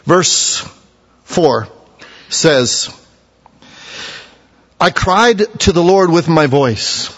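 Man preaching, fairly high voice, long hall reverb, muffled sound. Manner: swings between hushed low lines and raised emphatic ones. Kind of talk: sermon.

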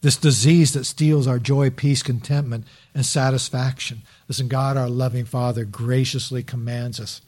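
A man's voice: mid-range voice, steady tone, moderate pace, few pauses, a little mellow. A pastor giving a sermon in a conversational preaching manner, often posing rhetorical questions to his listeners.

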